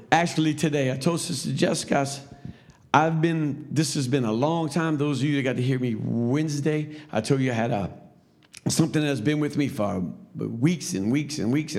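A man's voice: fairly high pitch, a little mellow. A man teaching a Sunday school class, telling a story in a loose, conversational preaching style with asides to the class.

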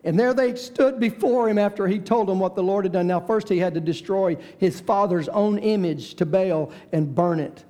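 A man preaching a sermon who retells a story dramatically and shifts between quick asides and slow, hushed lines. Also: high-pitched. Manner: dramatic storytelling, varies pace and volume.

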